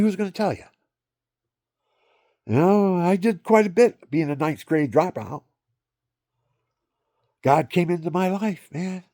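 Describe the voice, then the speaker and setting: An old man in his seventies vlogging straight to camera in a loose, rambling monologue. His gravelly voice swings widely up and down as he laughs, barks and jokes. The sound is dry and close, with no room echo. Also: on the high side. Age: 70s. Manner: animated, laughing, barking asides.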